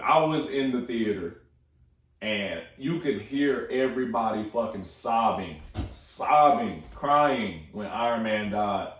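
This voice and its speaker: A young man casually talking about upcoming films, excitable and slangy, swearing freely. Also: medium pitch. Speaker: movie talk host. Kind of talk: casual movie chat. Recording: echoey room, far from the mic.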